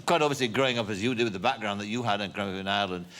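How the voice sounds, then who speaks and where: A man's voice: fairly low pitch, racing, fairly bright tone. A man hosting a chat show, asking his guest hesitant questions with many restarts. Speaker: talk show host. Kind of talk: interviewing a guest. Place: television studio.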